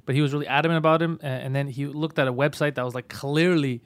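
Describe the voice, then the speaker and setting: Fast-talking, slightly high-voiced male podcast host. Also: clean tone, dry recording. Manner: animated, profane, rapid storytelling. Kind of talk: casual podcast storytelling.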